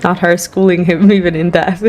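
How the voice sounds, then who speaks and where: A woman's voice: mid-range voice, darkish tone. Giggly chatty woman gaming streamer. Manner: giggly, chatty, lots of fillers. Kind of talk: casual game commentary.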